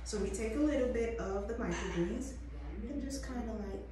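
A chef hosts a cooking demonstration in a coffee company's kitchen, chatting warmly and encouraging the viewer directly. Her voice is a little high and her pace normal, with a crowd audible behind her. The recording is echoey and noisy, with the mic placed far away.

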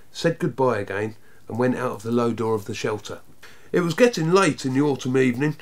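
A man reads a children's chapter book aloud to his viewers. His narration is expressive, with a lively, swinging pitch in a mid-range voice. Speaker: storyteller.

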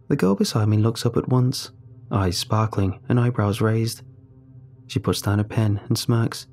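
A man calmly narrating a first-person horror story in a measured, storytelling way. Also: on the low side, faint music behind.

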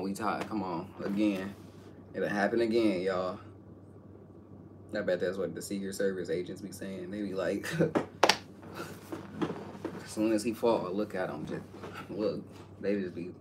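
Low-voiced teasing man, distant mic. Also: unhurried, pauses often, background noise. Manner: teasing, mocking, lively swings. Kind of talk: comedic skit banter.

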